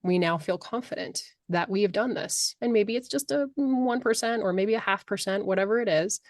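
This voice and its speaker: A middle-aged woman, a life coach, speaking as a podcast guest in a passionate, animated way on a close microphone. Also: mid-range voice, normal speed, no room sound. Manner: passionate, animated, acts out voices. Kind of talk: podcast interview.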